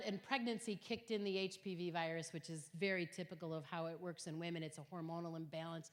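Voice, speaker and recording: A middle-aged woman giving an earnest Christian talk to high school students, telling stories emphatically and swinging from quiet to loud. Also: fairly even intonation, quick pace, few pauses. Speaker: guest speaker at a high school. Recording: long hall reverb.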